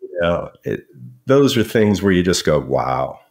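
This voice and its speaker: Deep-voiced man telling stories. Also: lively intonation, normal speed, darkish tone. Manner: storytelling, repeats words, casual. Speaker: company founder guest. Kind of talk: conversational interview.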